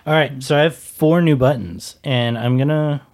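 A man's voice: mid-range voice, moderate pace, over loud music. Laid-back American man, casual podcast host. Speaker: podcast co-host running the soundboard.

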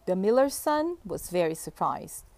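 A woman reading a fairy tale aloud with expressive, animated storybook delivery. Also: medium pitch, normal speed, vocal fry, dry recording.

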